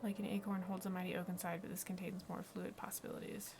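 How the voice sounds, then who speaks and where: A woman streaming a video game, chatting casually to herself, with mild swearing, over loud game music. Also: fairly low pitch, level tone, fast talker, gravelly, very noisy. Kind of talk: casual gameplay commentary.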